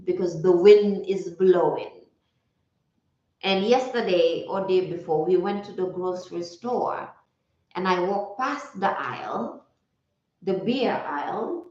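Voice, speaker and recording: A woman's voice: fairly low pitch, a little mellow. A woman wellness coach giving a casual motivational talk, reflective and repeating her key phrases. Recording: roomy, slightly dull recording.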